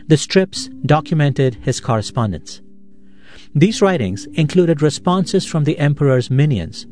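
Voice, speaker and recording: A man's voice: fairly high pitch, darkish tone. Man hosting a reflective podcast. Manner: measured, reflective storytelling. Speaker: podcast host. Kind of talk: scripted narration.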